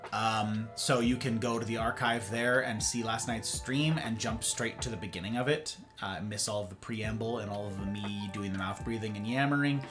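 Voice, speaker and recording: A man's voice: lowish voice, moderate pace, few pauses, music in the background. A man hosting a livestream, chatting casually and reading and answering his viewers' messages aloud. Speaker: livestream host.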